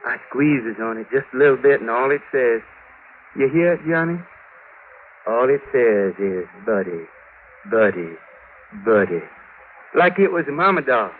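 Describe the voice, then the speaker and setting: A man's voice: medium pitch, lively intonation, a little slow, long pauses, narrow, tinny audio, slight background noise, close to an everyday voice. A man playing a drunk, wheedling gunman who talks in a slurred drawl, in 1940s radio acting, on an old broadcast recording. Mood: menacing. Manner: sly, pleading, menacing.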